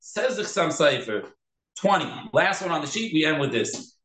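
Rabbi type, man, lively Torah class lecture, slightly high voice, roomy echo. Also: moderate pace. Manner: animated, switches between Hebrew terms and English, acts out quoted speech.

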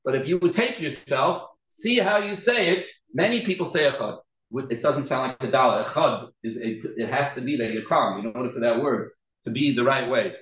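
A man's voice: mid-range voice, expressive, a little fast, hardly any pauses, a bit bright, roomy sound, poor audio. Earnest man teaching a Torah class. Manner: earnest, repeats and restarts words, stresses pronunciation.

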